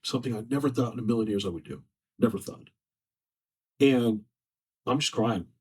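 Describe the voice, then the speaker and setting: A man's voice: medium pitch, moderate pace, darkish tone, breathy edge. A man on a podcast, sharing a personal story in an earnest, repetitive, emotional way. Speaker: podcast guest. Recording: distant mic from faulty setup.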